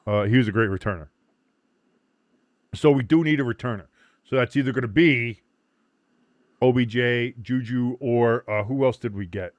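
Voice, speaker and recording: A man's voice: medium pitch, normal speed, long pauses, dry recording, dull audio. A man hosting a casual sports watch-along stream, rambling, joking and swearing freely. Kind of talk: casual livestream chat.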